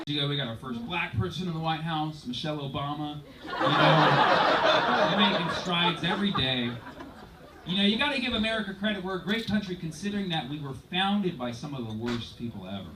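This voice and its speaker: A male stand-up comic delivering sarcastic bits with a lively, bouncing pitch and chuckles between punchlines. He sounds far from the mic, in a roomy club. Loud background noise runs under his voice. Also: a little fast. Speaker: stand-up comedian. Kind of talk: stand-up comedy. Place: comedy club stage. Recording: roomy, distant, noisy club recording.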